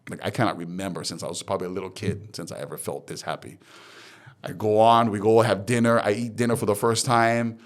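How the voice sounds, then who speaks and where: A man from Hawaii with a fairly low voice, speaking as a guest on a podcast. He tells his story in a candid, lively way. When he quotes other people, he acts out their lines. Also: quick pace. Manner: animated retelling, acts out quoted dialogue.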